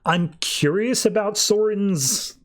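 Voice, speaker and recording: A man hosting a podcast, recapping a comic book in a casual, animated way and briefly voicing the characters as he goes. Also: high voice. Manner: animated retelling with quick voiced asides. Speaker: podcast host.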